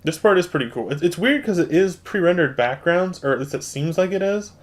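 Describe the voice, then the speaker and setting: A man's voice: high voice, expressive, a little fast. A man hosting a gaming channel, chatting casually as he plays a computer game and explains the controls to his viewers. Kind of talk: casual let's-play commentary.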